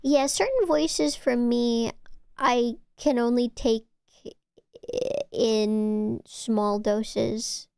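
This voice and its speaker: A woman streams and chats casually with her audience, her voice sitting high. She gushes and stumbles into quick restarts. The sound is close and dry, with no room around it. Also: creaky, a little mellow, smooth, no echo. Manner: chatty, stammering restarts, gushing. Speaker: VTuber streamer. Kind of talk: casual chat with live chat.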